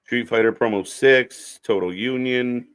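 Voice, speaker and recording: A man's voice: mid-range voice, measured pace, a bit bright, clean tone. A man co-hosting a live wrestling stream in a laid-back, casual way, reading out chat comments and laughing often.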